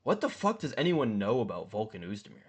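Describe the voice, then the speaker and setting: A man giving casual, rambling commentary, swearing often and jumping up in pitch for emphasis. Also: very animated, quick pace, husky. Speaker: mma commentary host. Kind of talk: casual profane ranking commentary.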